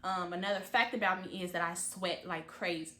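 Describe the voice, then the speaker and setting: A woman in her twenties talking candidly in a personal vlog, halting and filler-heavy, fighting back tears. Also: on the low side, steady tone, pushed and bright, roomy sound. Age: 20s. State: close to tears. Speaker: vlogger.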